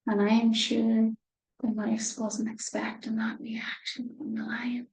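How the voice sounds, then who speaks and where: A woman reads a children's story at a slow, careful pace, in a gentle voice with hushed asides. Her tone is mellow and fairly level, and the room gives a noticeable echo. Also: on the high side, little pitch movement, vocal fry. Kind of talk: reading a picture book aloud.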